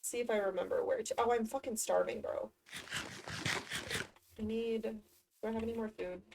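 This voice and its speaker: A woman's voice: fairly high pitch, fairly even intonation, normal speed, recorded from a distance, noisy background. A woman streamer talking to herself during a game, swearing often and easily exasperated. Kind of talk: casual gameplay commentary.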